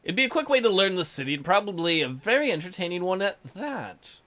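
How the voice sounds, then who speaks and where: A man's voice: high-pitched, very animated, quick pace, pushed and bright. A man hosting a let's play, reading the game's narration aloud and joking between lines. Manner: reads narration aloud with playful asides. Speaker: let's play host reading the game text.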